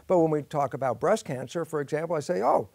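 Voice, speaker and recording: An older man with a fairly high voice talks through a science explanation as an interview guest. He acts out his own questions and answers in a lively storytelling way. The sound is close and dry, with no room around it. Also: quick pace, gravelly, dry recording. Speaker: guest expert.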